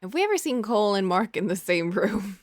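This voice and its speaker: A woman's voice: mid-range voice, big pitch swings, fairly quick, dry recording. A woman in casual chat with a playful, teasing way of talking.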